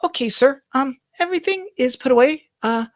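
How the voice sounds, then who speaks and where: A woman's voice: high-pitched, expressive, fairly quick, no echo, clean studio sound, pitched above the performer's own voice. A woman voicing a meek, polite young female shop assistant who speaks hesitantly and apologetically.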